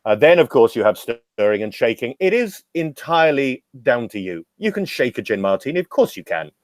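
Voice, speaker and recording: Middle-aged male guest, expansive storyteller, wry, dry close sound, mid pitch. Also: very animated, fairly quick, no room sound. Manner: expansive, anecdotal, wry humor. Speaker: podcast guest, drinks educator. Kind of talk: casual storytelling interview.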